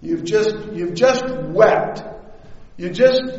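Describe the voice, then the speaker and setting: A man preaching a sermon in a conversational way that rises to shouts. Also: sits high, expressive, takes it slowly, far from the mic. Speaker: pastor. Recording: echoey hall, dull sound.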